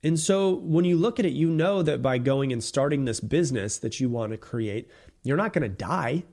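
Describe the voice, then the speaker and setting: A man's voice: mid-range voice, expressive, moderate pace, vocal fry, a little mellow. A man hosting his own motivational podcast alone, talking bluntly and emphatically, repeating his points and swearing casually. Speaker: podcast host. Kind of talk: solo motivational podcast talk.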